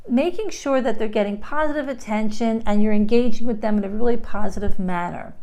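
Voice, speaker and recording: A woman talking through parenting strategies in a casual advice video, acting out bright lines a parent might say to a child. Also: on the high side, brisk, few pauses. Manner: demonstrates parent lines in bright acted voices. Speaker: parenting advice giver, therapist.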